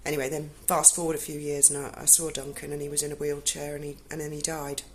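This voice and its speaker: A woman tells a personal story in a casual, unscripted way. Her voice sits low, and her delivery is blunt and emotional, with free swearing. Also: level tone, fast talker, a little hiss or hum. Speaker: vlogger telling a personal story.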